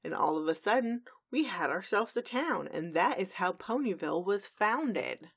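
A woman from Dallas, co-hosting a podcast and retelling a cartoon episode in a chatty, animated way. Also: medium pitch, moderate pace, breathy edge. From Dallas, Texas. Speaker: podcast co-host. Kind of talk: casual recap chat.

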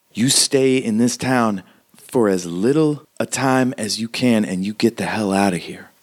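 A man's voice: on the low side, a little mellow, pitched above the performer's own voice. A man voicing a weary, blunt frontier townswoman who gives grim warnings. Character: weary hard-bitten woman Margot, frontier town local.

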